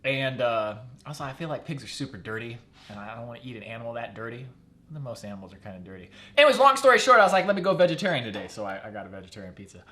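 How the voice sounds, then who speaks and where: A man's voice: medium pitch, sing-song, racing, bright, forceful tone. A young man chatting casually on a live stream at his computer, rambling and often laughing.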